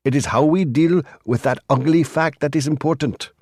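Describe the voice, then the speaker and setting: A man doing an earnest, measured lawyer. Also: on the high side, darkish tone, dry recording, clean studio sound, voice pushed up, natural voice. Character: earnest, principled male community lawyer.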